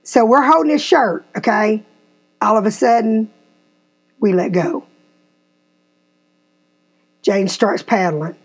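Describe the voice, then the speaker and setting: Woman, fifties, podcast host, lively storyteller. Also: medium pitch, slow pace, long pauses. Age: 50s. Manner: animated storyteller, acts out quotes. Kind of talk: casual storytelling chat.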